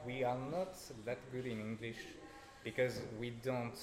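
A man's voice: medium pitch, flat delivery, unhurried. A man from France with a French accent, chatting casually in English, often hesitating and searching for words. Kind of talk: casual conversation. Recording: roomy with crowd chatter.

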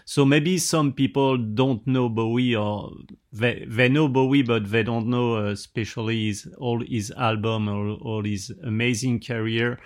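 A man's voice: medium pitch, steady tone, measured pace. A man interviewing, asking questions hesitantly with fillers. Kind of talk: casual interview.

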